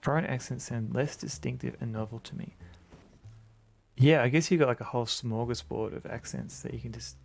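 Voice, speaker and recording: A man's voice: mid-range voice, fairly quick, creaky, a little mellow. A man with an Australian accent chatting casually while streaming a game, rambling and self-deprecating.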